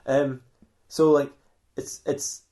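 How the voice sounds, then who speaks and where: A man's voice: medium pitch, level tone, takes it slowly, dark tone. A man co-hosting a comedy podcast, telling a silly fan fiction story in a rambling way and laughing often at his own jokes.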